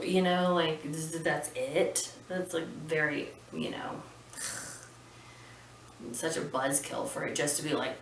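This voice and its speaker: A woman's voice: deep voice, fairly even intonation, a little slow. A woman hosting a casual movie recap, chatty and rambling, with opinionated asides. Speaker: podcast host recapping a film. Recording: roomy and distant with faint noise.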